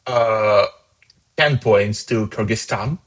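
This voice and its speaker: With poor audio, a lowish-voiced man slowly delivers live commentary on a fan song contest. He reads out each voter's points casually, chatting in asides and staying upbeat about the scores.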